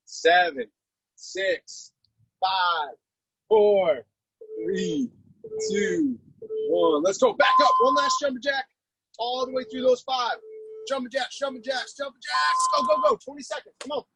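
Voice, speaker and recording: A man's voice: very high voice, vocal fry, fairly bright tone, slightly rough, no echo, poor audio. A man coaching a live-streamed workout class, calling out exercises, cues and countdowns with lots of energy. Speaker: fitness coach.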